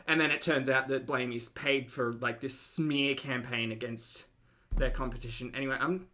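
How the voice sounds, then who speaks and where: A man's voice: mid-range voice, steady tone, moderate pace, bright, forceful tone. A man with an Australian accent hosting a casual reaction commentary, chatty and rambling with many fillers. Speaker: host.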